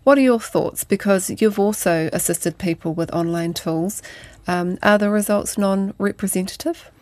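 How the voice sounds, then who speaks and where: A woman's voice: mid-range voice, a little mellow, no room sound. Probing New woman interviewer. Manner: measured, probing, some hesitant restarts. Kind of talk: interview questions.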